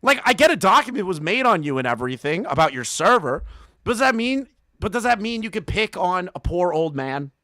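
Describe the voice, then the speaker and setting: A man ranting on his commentary channel, with a bright, forceful voice that leaps all over the place. He is profane and mocking and breaks into laughter between jabs. The sound is dry and close. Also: high-pitched, big pitch swings, fairly quick, no room sound.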